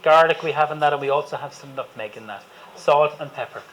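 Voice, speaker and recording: Chatty Irish chef, slightly high voice. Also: male voice, quick pace, fairly bright tone, slight background noise, low-quality recording. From Ireland. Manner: chatty, enthusiastic, jokes with the audience. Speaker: chef giving a cooking demonstration. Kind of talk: live cooking demonstration to an audience. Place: demonstration space with a live audience.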